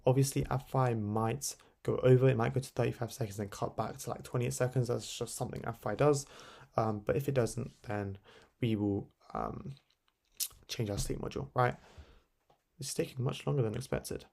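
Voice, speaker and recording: A young man walking through a software tutorial on screen in a loose, chatty way, full of fillers and tag questions. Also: mid-range voice, fairly even intonation, moderate pace, vocal fry. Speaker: tutorial host. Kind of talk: casual screen-recorded tutorial.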